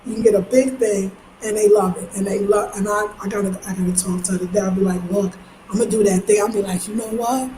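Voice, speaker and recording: A woman's voice: medium pitch, fast. Chatty Brooklyn woman in an echoey room. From Brooklyn, New York. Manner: chatty, animated storytelling with voiced quotes. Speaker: travel vlogger. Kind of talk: casual vlog monologue. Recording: roomy echo with faint background noise.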